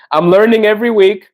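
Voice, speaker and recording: A young adult man hosting a casual livestream podcast, reading viewer comments and chatting with viewers in a friendly, talkative way. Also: high-pitched. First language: not Russian; learning Russian. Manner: friendly, chatty, laughs often, addresses viewers directly. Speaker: podcast host reading live chat comments.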